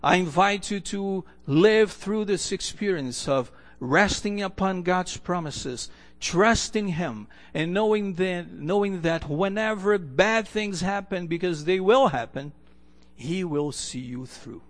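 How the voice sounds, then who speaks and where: A man with a high voice preaches an earnest sermon to his church. He repeats key phrases for emphasis and lets the ends of his lines sink to a hush. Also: slow. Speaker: pastor.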